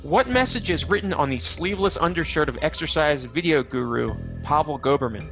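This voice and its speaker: A man hosting a comedy quiz segment, reading out questions deliberately. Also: a little high, lively intonation, creaky, a bit bright, faint music behind. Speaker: game show host. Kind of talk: quiz questions on a live web show.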